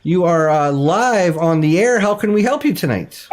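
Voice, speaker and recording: A man hosting a comedic call-in talk show, loud and excitable, often shouting. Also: fairly high pitch, moderate pace.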